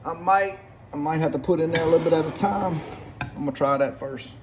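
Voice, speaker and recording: With his pitch on the high side, a middle-aged South Louisiana man talks briskly while cooking in his home kitchen for a casual demo. He's folksy and chatty, constantly addressing viewers as "guys." Heavy background noise mixes with clinking pots and utensils.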